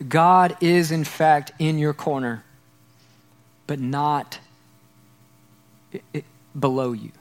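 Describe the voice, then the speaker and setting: A man's voice: a little high, slow pace, long pauses. A man preaching a sermon as pastor, earnest, repeating key phrases and tripping over repeated words.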